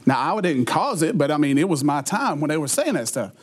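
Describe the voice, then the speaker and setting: A man's voice: a little high, fairly quick, husky. A middle-aged man, a youth pastor telling humorous stories to teenagers, laughing often and acting out what people said. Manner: laughs often mid-sentence, animated, acts out quotes. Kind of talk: humorous storytelling talk to teenagers.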